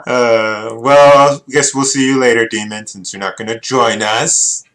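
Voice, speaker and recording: A man's voice: mid-range voice, steady tone, unhurried, fairly bright tone. A man hosting a live stream, laid-back and teasing with his guests. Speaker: podcast host.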